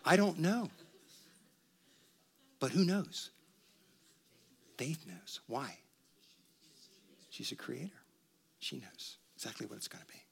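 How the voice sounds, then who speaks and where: A man's voice: mid-range voice, sing-song, slow pace, vocal fry, long pauses. A man preaching a sermon in a church, talking with the congregation, leading them in reciting, and joking along the way. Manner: conversational preaching with humor and call-and-response. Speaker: pastor. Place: church sanctuary.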